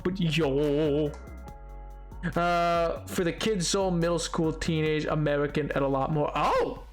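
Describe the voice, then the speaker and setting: A man's voice: a little high, moderate pace, faint music behind. A young adult man chatting casually on a gameplay stream, rambling and playful, often stumbling over his words.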